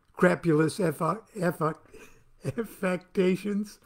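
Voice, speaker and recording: Slow, gravelly man reading wry prose. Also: a little high, animated, a little mellow. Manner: wry, theatrical delivery that plays to the listener. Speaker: author reading his own book. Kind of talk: reading aloud from his book.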